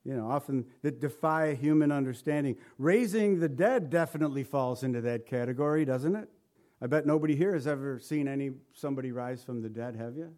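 A man's voice: mid-range voice, brisk. A man preaching an Easter sermon, asking the congregation questions and quoting scripture. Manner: animated, rhetorical questions to the congregation; quotes scripture in old-style wording. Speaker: pastor.

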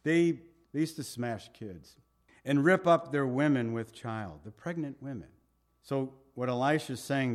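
A man preaching a verse-by-verse Bible sermon, retelling the story with animated, conversational storytelling and slowing down to read scripture aloud. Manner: animated storytelling, reads scripture slowly, drops low for emphasis. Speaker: pastor.

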